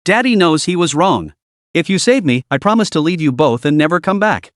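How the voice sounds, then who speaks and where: A man's voice: on the high side, big pitch swings, brisk, dry recording. Guy doing a wrecked desperate captive man, begging frantic, dry close sound. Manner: frantic pleading. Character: desperate crippled middle-aged man begging, raging.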